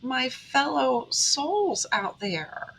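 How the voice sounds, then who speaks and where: Bright earnest woman. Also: high voice, sing-song, drawn-out words, gravelly, breathy edge, low-quality recording. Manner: earnest, emotional, talks straight to viewers. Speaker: tarot reader and spiritual vlogger. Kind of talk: heartfelt motivational monologue.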